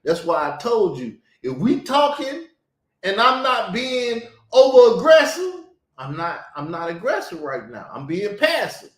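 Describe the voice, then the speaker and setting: A man's voice: high-pitched, big pitch swings, unhurried, fairly bright tone, reverberant. A man talking bluntly and heatedly in a casual chat, swearing often and stressing his words. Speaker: show host.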